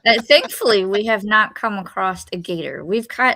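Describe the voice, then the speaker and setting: A woman from Florida chatting casually at home with a co-host, unhurried and rambling. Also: mid-range voice, animated, bright, forceful tone, no room sound. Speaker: co-host of a writing sprint stream. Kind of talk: casual chat.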